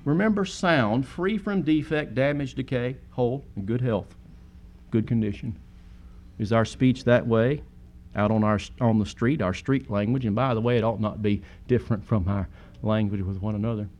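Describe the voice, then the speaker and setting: A man's voice: mid-range voice, moderate pace, a little mellow. A man preaching a sermon in an earnest way, with sudden emphatic peaks.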